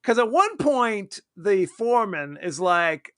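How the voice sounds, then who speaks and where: A man co-hosting a casual podcast about a horror film, animated and quick to act out characters in silly voices. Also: high-pitched, no echo, studio quality. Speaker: podcast co-host.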